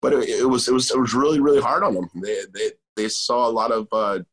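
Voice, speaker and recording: Man, middle-aged, husky voice, halting repeats, conversational storytelling. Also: medium pitch, steady tone, fairly bright tone. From Southern California, US. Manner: halting, repeats words, restarts often. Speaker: guest, father of two.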